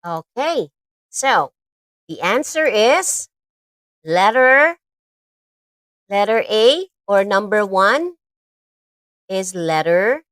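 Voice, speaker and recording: A woman's voice: medium pitch, big pitch swings, very slow, pauses often, fairly bright tone, no room sound. A woman with a Filipino accent teaching a live online English lesson, encouraging and patient, mixing English with Tagalog.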